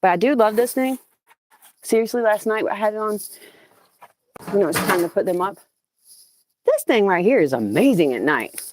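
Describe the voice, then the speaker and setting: A woman's voice: medium pitch, very animated, moderate pace, pauses often, noisy background. A woman talking casually into her phone outdoors as she tends her chickens, a little out of breath and chatty. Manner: chatty, sweet-talks her animals, laughs often. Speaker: backyard chicken keeper. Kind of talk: casual vlog chat. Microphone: phone set down or carried.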